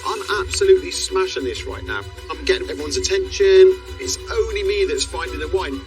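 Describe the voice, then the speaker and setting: A man's voice: high-pitched, huge pitch swings, brisk. A man, a reality show contestant, narrating his own progress with boastful energy. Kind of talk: casual on-the-spot commentary. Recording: distant mic under music bed.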